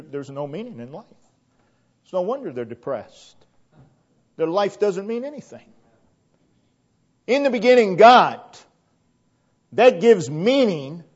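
Guy preaching slow and emphatic, highish voice, kinda dull lo-fi tape sound. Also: darkish tone. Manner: emphatic, deliberate, repeating key phrases. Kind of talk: sermon.

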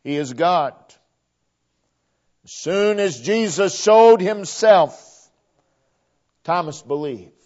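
A man's voice: sits high, animated, slow pace, long pauses, a little mellow. A man preaching a sermon, emphatic, repeating phrases for stress. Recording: dull lo-fi recording.

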